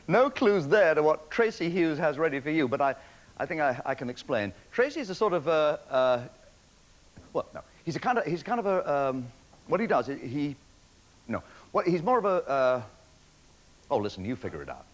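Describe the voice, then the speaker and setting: A man's voice: a little high, sing-song, moderate pace, rough recording. A man hosting a TV talent show, presenting acts with wry, mock-flustered jokes. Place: TV studio.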